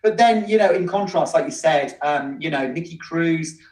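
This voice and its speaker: A man hosting an interview, warm and effusive, chatting casually with his guest. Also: fairly high pitch, moderate pace. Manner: warm, effusive praise, calls guest "mate". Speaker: host. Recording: echoey, distant sound.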